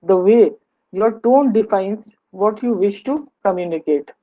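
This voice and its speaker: A woman with an Indian English accent gives a webinar lecture on communication skills, teaching in an instructive manner. Her mid-range voice moves a little slowly over narrow, tinny audio, and she asks rhetorical questions and occasionally slips into Hindi.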